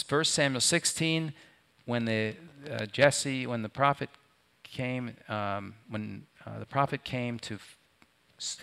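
A pastor delivers a sermon to his congregation, his voice bright and ringing. He keeps turning to his listeners with rhetorical questions, and his pitch sits in the middle range for a man. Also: vocal fry. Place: before a live congregation.

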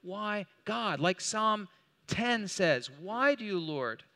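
A man's voice: high-pitched, expressive, slow, sharp tone. A man teaching a Bible study in a conversational way, asking rhetorical questions and restarting as he looks up verses. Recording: long hall reverb.

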